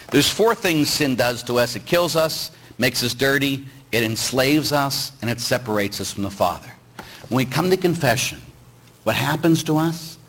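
Animated, husky-voiced priest preaching. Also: male voice, medium pitch, low-quality recording. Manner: animated preaching, rhetorical questions, acts out quoted voices. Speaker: Catholic priest. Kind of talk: sermon.

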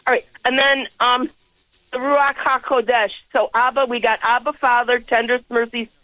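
A woman in her sixties calls in to a radio show over a phone line. Her voice sits a little high, and she talks effusively and fervently, rambling on and laughing often. The sound is dry, with no room in it. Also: little pitch movement, normal speed, sharp tone, no echo. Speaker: caller.

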